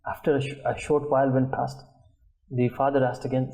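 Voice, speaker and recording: A man's voice: mid-range voice, little pitch movement, fairly quick, gravelly, mellow, echoey room, low-quality recording. A man giving earnest, anecdote-filled religious talk. He often restarts his sentences. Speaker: religious talk show guest speaker.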